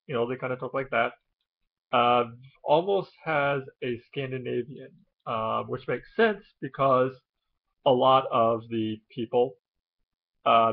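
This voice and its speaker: A man from Illinois with a general American Midland accent, casually explaining things with lots of hesitant fillers. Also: medium pitch. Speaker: vlogger. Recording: tinny phone-like audio.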